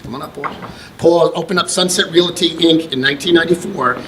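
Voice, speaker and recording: At an award ceremony in a function room, a middle-aged American presenter from the United States speaks in a slightly high, somewhat bright voice at a fairly quick pace. He rambles through a long story full of restarts and fillers, and the poor audio has a little hiss or hum.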